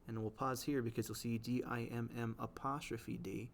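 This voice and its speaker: A man teaching, explaining the language of poems in a patient way. He checks in often with "right?" and reads the quoted lines slowly. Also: mid-range voice, little pitch movement, slight background noise.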